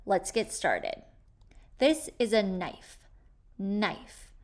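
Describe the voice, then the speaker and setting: A woman teaching a phonics spelling lesson for children, slowly sounding out words with clear, patient explanations. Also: on the high side, lively intonation.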